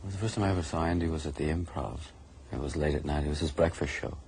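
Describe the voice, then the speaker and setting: A man reminiscing in a documentary interview, telling stories quickly. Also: very deep voice, vocal fry, darkish tone, a little hiss or hum.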